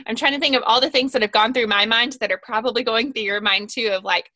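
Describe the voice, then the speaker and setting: A woman's voice: a little high, fairly even intonation, fast, hardly any pauses, pushed and bright, no room sound. A woman guest on a Christian podcast, talking earnestly and at length about her Bible study guide, with frequent fillers. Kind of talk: casual podcast conversation.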